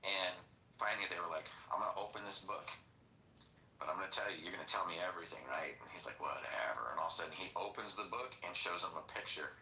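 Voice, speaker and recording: Deep, bright-toned man telling a rambling story. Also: fast talker, vocal fry. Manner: rambling, animated storytelling with crude quoted dialogue. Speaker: podcast host. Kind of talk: casual storytelling chat. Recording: roomy echo, faint background noise.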